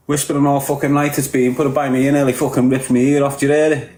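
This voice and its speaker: A man with a Liverpool accent talks casually to his livestream viewers, teasing them bluntly and swearing freely. His voice sits at an ordinary pitch. The room around him gives it a noticeable echo. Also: flat delivery, fast talker, background noise. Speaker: livestreamer reading viewer comments.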